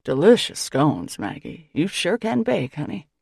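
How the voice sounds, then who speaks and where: A woman doing a halting, distracted dad. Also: low-pitched, sing-song, gravelly, a little mellow, breathy edge, no echo, studio quality, heavily acted. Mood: affable. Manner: halting, stumbling, affable. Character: distracted, hesitant middle-aged father.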